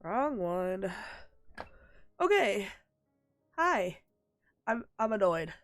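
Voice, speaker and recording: A woman's voice: mid-range voice, sing-song, extremely slow, no echo, clean studio sound, faint music behind. A woman live streaming a video game with a stuffed-up nose, chatting bluntly and with lots of swearing, laughing at herself, into a desk microphone at home. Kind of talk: casual gaming stream chat.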